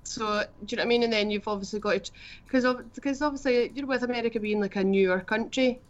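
A woman's voice: on the high side, fast. A woman in a casual film review chat, explaining at length with many "you know" fillers. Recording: dull, muffled recording.

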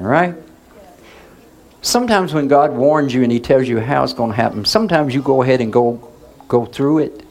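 A man's voice: medium pitch, gravelly, darkish tone, a little hiss or hum. A male pastor preaching in a conversational way, asking the congregation questions and waiting for answers. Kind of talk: sermon.

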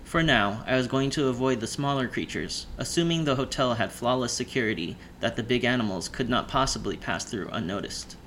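A man reads a first-person audiobook in a measured storytelling manner, his voice pitched in the middle range. Faint noise sits under the recording. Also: a bit bright. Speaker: audiobook narrator.

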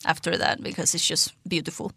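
A woman's voice: brisk, bright, forceful tone, dry recording, studio quality. A woman hosting a radio show, chatting in an upbeat, casual way.

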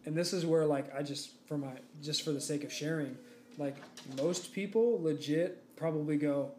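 A man's voice: a little high, normal speed, a little mellow. A young man co-hosting a casual podcast, telling a rambling story with lots of fillers. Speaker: podcast co-host. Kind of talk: casual chat. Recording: echoey room with faint background noise.

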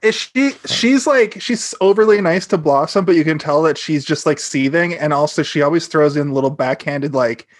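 A young man with a fairly high voice chats loosely on a podcast, recapping an episode and swearing as he goes. He jumps into characters' lines with a quick raised voice. The sound is close and dry, with no room in it. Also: no echo. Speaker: podcast co-host. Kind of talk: casual chat recapping a TV episode.

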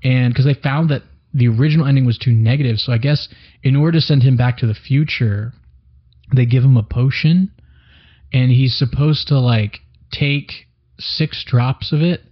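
A young man chats in a loose, rambling way, dropping casual swears, his voice at a middling pitch. The recording sounds dull and a bit lo-fi, like an amateur podcast. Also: moderate pace. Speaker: podcast co-host. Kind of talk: casual chat.

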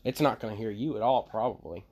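A man co-hosting a podcast, talking loudly and cracking crude jokes in casual banter. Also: fairly low pitch, fast talker, husky. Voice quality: loud, crude and joking. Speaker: podcast co-host.

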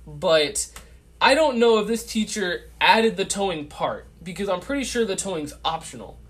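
A young man co-hosting a casual chat, telling a story in an animated way, acting out his own lines and swearing freely. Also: high voice, moderate pace. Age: young adult. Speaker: podcast co-host.

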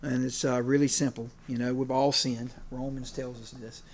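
A man's voice: mid-range voice, level tone, normal speed. A man preaching a sermon in a conversational way, with many fillers and restarts, at times emotional as he tells stories. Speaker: preacher and PE teacher.

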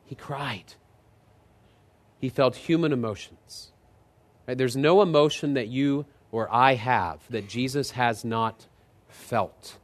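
A man pastor preaching a sermon, telling stories with animated delivery that climbs high and loud in retold scenes, then drops low and soft for solemn points. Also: unhurried.

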